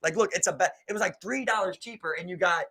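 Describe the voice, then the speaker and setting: A man's voice: quick pace, husky. A man with a Baltimore accent telling a story on a casual podcast, acting out the people in it and swearing freely. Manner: animated, acts out quotes in a low voice, swears freely. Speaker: podcast co-host.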